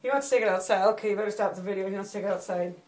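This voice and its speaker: A woman in a home video, cheering her dog on in an excited sing-song voice. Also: medium pitch, racing, a little hiss or hum. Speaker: dog owner filming her pet. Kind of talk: home video pet talk. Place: home room. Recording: echoey home room.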